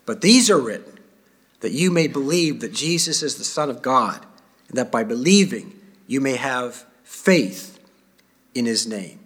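A man giving a sermon, reading scripture aloud with feeling and dropping to quiet asides. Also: medium pitch, animated, unhurried, breathy edge. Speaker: preacher.

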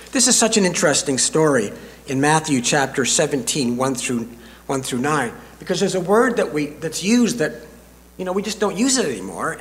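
An older man preaching a sermon as a pastor, slow and deliberate with dramatic pauses, speaking in a church sanctuary. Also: on the high side, fairly bright tone. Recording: reverberant hall.

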